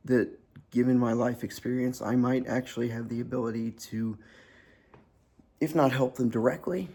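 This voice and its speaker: Man, 30s, from New Jersey, personal vlog, low gravelly voice with a husky edge, sarcastic and halting. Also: dark tone. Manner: sarcastic, hesitant with frequent ums. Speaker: vlogger.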